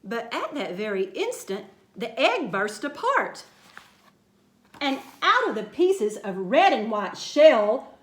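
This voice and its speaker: Brief: high, lively woman storyteller, slow and bright, reading rhymes in a roomy space. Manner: expressive, sing-song rhyming delivery. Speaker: children's storyteller. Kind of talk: reading a picture book aloud. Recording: roomy echo.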